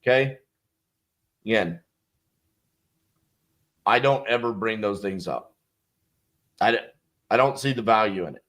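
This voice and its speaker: A man's voice: fairly low pitch, unhurried, pauses often, a bit bright. A man coaching sales who breaks down a calling script bluntly and emphatically, with some profanity. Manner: acts out both sides of phone calls. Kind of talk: instructional commentary on a sales script.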